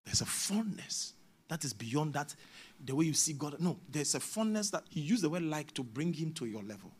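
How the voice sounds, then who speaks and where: Animated Ghanaian preacher man, husky. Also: a little high, moderate pace. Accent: Ghanaian English. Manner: animated, swings from hushed asides to shouted exhortation. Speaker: prophet preaching. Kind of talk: sermon.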